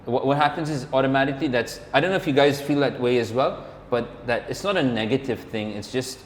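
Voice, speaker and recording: A man's voice: mid-range voice, fast. A man telling a story in a casual, rambling chat, filling his talk with "like" and "or whatever" and acting out what others said. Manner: rambling, filler-heavy, acts out quoted dialogue. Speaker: podcast co-host, motorcyclist. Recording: roomy, reverberant room with faint background hum.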